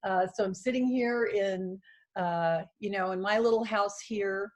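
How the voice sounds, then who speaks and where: A woman in her sixties gives a heartfelt, halting union speech over a video call from her small house, emotional and full of fillers. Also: medium pitch. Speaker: union president addressing a convention.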